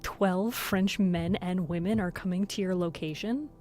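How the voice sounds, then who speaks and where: A woman with a Southern US accent, a streamer doing ASMR whispering while reading chat, soft and playful with teasing banter. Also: medium pitch, normal speed, hardly any pauses, soft background music.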